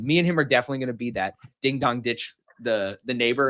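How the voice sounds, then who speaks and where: A man's voice: mid-range voice, quick pace, few pauses, sharp tone, no echo, studio quality. A man in his thirties hosting a live trading stream, brash and joking, swearing freely in casual chat.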